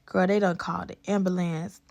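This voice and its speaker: A woman's voice: on the low side, level tone, brisk, gravelly, a little mellow. Chatty young woman telling a storytime. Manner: chatty, emphatic, talks to viewers as y'all and girl. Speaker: beauty vlogger. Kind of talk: casual storytime to camera.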